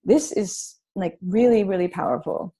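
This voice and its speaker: Brief: female parenting author guest, warm mellow tone, chatty storyteller, lots of restarts. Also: mid-range voice, moderate pace, husky. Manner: animated storytelling with many restarts and fillers. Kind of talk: casual interview conversation.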